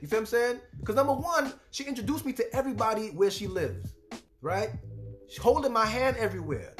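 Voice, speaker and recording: A man from Trinidad, a travel vlogger, casually telling a story in an animated, profane way, with constant filler checks to the listener. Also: high voice, brisk, soft background music. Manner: animated, profane, keeps saying "you know what I'm saying".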